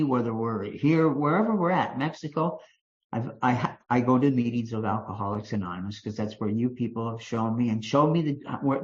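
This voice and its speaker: Older Kentucky man telling a folksy story. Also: mid-range voice. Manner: folksy storytelling with frequent restarts and fillers. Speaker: recovery meeting speaker. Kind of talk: personal recovery talk to a meeting. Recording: dull lo-fi meeting recording.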